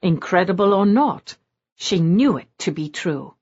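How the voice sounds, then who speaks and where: A woman narrating an audiobook in an expressive storytelling manner. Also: on the low side, measured pace, husky, muffled recording. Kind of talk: scripted narration.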